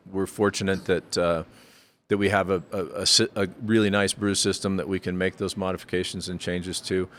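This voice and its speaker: A man with a deep, slightly bright voice appears as a brewery guest on a casual podcast. He gives thoughtful, rambling explanations, often correcting himself and lifting his voice when he jokes.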